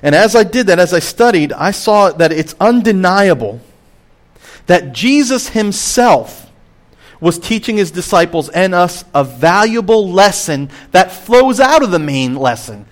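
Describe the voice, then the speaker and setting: A middle-aged pastor preaching a sermon in a slightly high voice. He moves between emphatic, lifted phrases and quiet, lowered ones. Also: a little slow. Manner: expressive, swings between emphatic and hushed.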